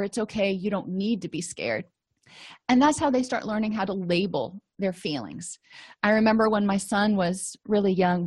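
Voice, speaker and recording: A woman's voice: mid-range voice, no room sound. A middle-aged woman presenting a wellbeing lecture in a chatty, conversational way with wry asides.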